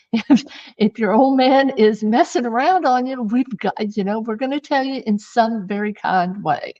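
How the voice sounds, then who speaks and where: A woman's voice: on the high side, moderate pace, mellow, lo-fi sound. A woman guest speaking frankly and earnestly in a casual interview over a video call, often repeating words. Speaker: guest psychic reader.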